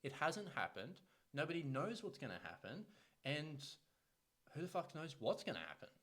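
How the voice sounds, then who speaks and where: A man's voice: on the high side, big pitch swings, moderate pace, a bit bright. A man, in his thirties, talking as a health coach in a podcast monologue, blunt and profane, hammering points by repeating phrases. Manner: blunt and profane, swears freely; emphatic, repeats phrases for punch.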